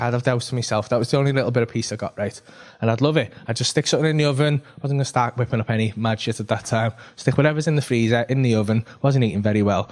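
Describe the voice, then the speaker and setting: A man's voice: mid-range voice, darkish tone. A young man doing a stand-up routine, rambling and swearing, working himself up into exasperated rants. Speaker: stand-up comedian.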